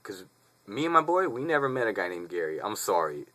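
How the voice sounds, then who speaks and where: A man's voice: fairly low pitch, big pitch swings, brisk, bright, forceful tone. A man in his twenties casually telling a story to the camera, rambling, profane and slangy. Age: 20s. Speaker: vlogger.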